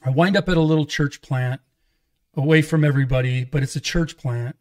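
A man with a slightly raised voice shares his testimony in a relaxed interview. He is an animated storyteller who drops into the voices of the people he talks about. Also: a little high, fairly quick. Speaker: pastor and guest. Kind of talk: conversational testimony.

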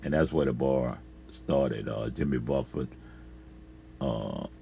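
A man's voice: a bass voice, slow pace, gravelly, dark tone, slight background noise. A man telling a rambling, profane story about past jobs, full of fillers and chuckles. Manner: profane, laughs often, trails off with fillers.

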